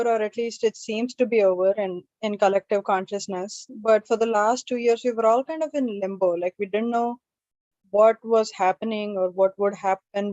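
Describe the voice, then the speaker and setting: A woman's voice: mid-range voice, dark tone, dry recording, dull audio. A woman hosting an open mic and doing stand-up, telling stories in a chatty, self-deprecating way. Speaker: open mic emcee and comedian.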